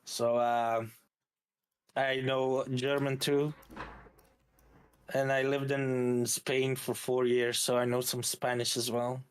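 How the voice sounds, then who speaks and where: A man's voice: medium pitch, level tone, slow, pauses often, clear, resonant tone. A man with a Flemish Belgian accent chatting casually as a streamer host, rambling and hesitating as he goes.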